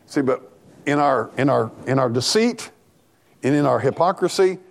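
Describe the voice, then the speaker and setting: A man preaching an animated, folksy sermon in church, talking back and forth with the congregation and laughing along. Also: medium pitch, moderate pace, vocal fry. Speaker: pastor.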